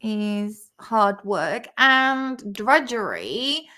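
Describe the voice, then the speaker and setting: Slow, chatty woman repeating words aloud. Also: mid-range voice, lively intonation, bright, forceful tone. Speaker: English vocabulary vlogger. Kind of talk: casual study-with-me chat.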